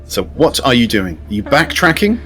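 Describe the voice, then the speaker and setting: A man's voice: medium pitch, very animated, normal speed, fairly bright tone, faint music behind. A man running a tabletop game as game master, describing scenes in an easygoing way and asking the players what they do.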